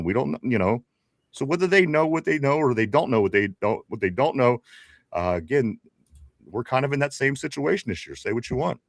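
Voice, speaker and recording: A man's voice: medium pitch, vocal fry, a bit bright, no room sound, studio quality. A man with a Pittsburgh accent hosting a casual sports talk show, reading viewer comments aloud, chatty, with frequent laughs and restarts. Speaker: podcast host reading live chat.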